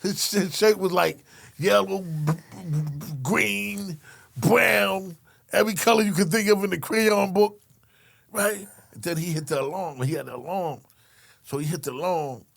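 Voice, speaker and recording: Gravelly streetwise middle-aged man telling stories. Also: high-pitched, measured pace, a bit bright. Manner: streetwise, profane, repeats his listener's name, acts out the people in his story. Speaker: guest, former correctional officer. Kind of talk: animated storytelling in casual conversation.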